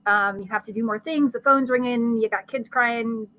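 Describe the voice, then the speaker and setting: A woman, a guest expert, explaining brain science in conversation with a lively teaching manner and vivid everyday examples. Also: a little high, normal speed, muffled recording. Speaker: guest expert on ADHD and learning.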